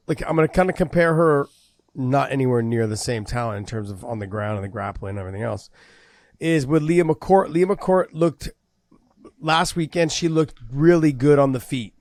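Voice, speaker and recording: A man's voice: a little high, moderate pace, a little mellow, no room sound, studio quality. A man co-hosting a combat sports podcast, teasing his partner and then reading a sponsor spot and analysing fighters. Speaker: podcast co-host. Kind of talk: casual chat and sponsor read.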